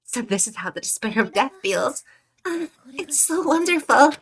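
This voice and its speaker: A woman's voice: sits high, big pitch swings, moderate pace, a bit bright, voice pushed up, full character voice. A woman voicing a melodramatic villain schoolgirl. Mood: ecstatic. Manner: mood-swinging, melodramatic, gleeful. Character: theatrical despair-obsessed villainous schoolgirl mastermind. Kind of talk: reading game dialogue aloud.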